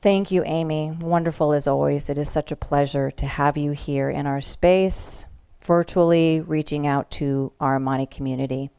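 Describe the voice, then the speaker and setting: A woman's voice: low-pitched, steady tone, normal speed, dark tone, clean tone, no room sound. A woman hosting an online service, graciously introducing the guest speaker. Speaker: host of the service.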